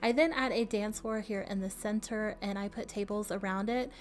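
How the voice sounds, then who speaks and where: A woman's voice: medium pitch, fairly even intonation, normal speed, faint music behind. A woman chatting casually through a voice-over about her build, laughing often and adding friendly asides, with the hiccups. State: has the hiccups. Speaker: game builder narrating a build video.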